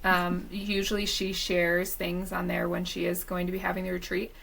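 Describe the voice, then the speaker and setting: A woman hosts a podcast and turns to speak straight to the listeners. Her voice has a gravelly, fry-tinged edge, and her tone is encouraging. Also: fairly low pitch, completely flat delivery, moderate pace, fairly bright tone, rough recording. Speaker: podcast host. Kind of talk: casual interview chat.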